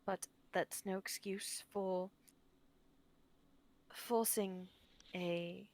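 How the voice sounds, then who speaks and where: A hushed, hesitant woman, voiced by a woman player who apologizes slowly and carefully. She pauses often, and her words come out gentle and unhurried in a tabletop role-play. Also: medium pitch, steady tone. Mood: contrite. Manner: soft, halting, apologetic speech. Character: woman character Tilda, earnest and contrite.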